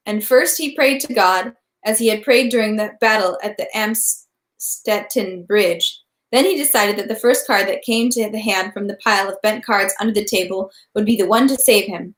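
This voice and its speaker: A woman's voice: medium pitch, echoey room. Woman reading a novel aloud. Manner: steady reading with small slips and restarts. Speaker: reader of a novel. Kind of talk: read-aloud narration.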